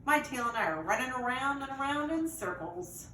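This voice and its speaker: A woman reads a chapter book aloud to children in a lively manner, stopping to ask them questions. Her voice is bright and sharp. The room is echoey, the mic distant, with faint noise behind. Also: sits high, normal speed. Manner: lively, asks listeners questions. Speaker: teacher reading aloud.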